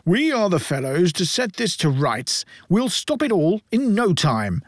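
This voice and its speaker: Guy doing smug knowing board of old gentlemen, voice pitched way up. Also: sing-song, a little slow, no room sound, clean studio sound, full character voice. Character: smug self-satisfied workhouse board members.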